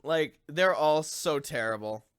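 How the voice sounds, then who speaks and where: A man's voice: fairly high pitch, expressive, a little slow, smooth. A young man co-hosting a podcast, joking around and laughing often in casual chat. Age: young adult. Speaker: podcast co-host.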